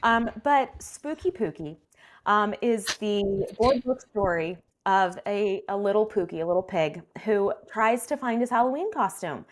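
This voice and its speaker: A woman's voice: mid-range voice, expressive, unhurried. A woman in her thirties co-hosting a book podcast, chatting casually with many ums and likes. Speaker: podcast co-host.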